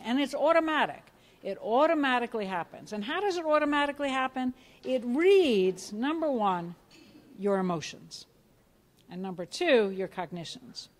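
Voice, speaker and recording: A middle-aged woman, a biofeedback clinician, giving a lively hands-on workshop, asking the audience questions and acting out reactions. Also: on the high side. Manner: animated, asks the audience questions, acts out reactions. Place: conference room with a live audience.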